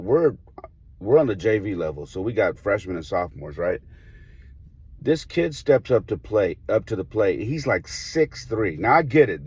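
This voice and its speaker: A man, a baseball coach, telling a story in a casual podcast chat, animated and acting out the people in it. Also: deep voice, slightly rough. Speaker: high school baseball coach.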